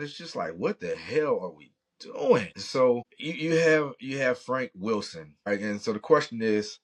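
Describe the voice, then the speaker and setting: A man's voice: lowish voice, a bit bright, husky. A middle-aged man from Louisiana hosting a sports podcast, talking passionately in a rambling way with Southern slang. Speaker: podcast host. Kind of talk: sports opinion talk.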